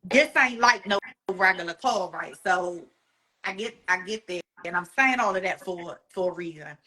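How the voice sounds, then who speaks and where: A woman with a bright, forceful voice recounts a painful personal story. She tells it in an animated way and jumps into the voices of the people she quotes. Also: lowish voice, moderate pace. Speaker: guest.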